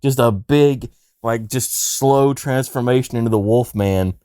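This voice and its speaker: A man co-hosting a podcast, chatting casually with a deadpan, teasing manner. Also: mid-range voice, a little slow, clear, resonant tone, dry recording, clean studio sound. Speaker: podcast co-host.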